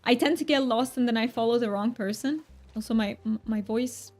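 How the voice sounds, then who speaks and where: A woman streamer talks loosely with her viewers while gaming, giggling and tripping over her own sentences. Her voice sits a bit high, and faint game music plays behind it. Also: a little fast, darkish tone. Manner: giggly, rambling, frequent restarts. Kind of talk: casual live-stream chat while gaming.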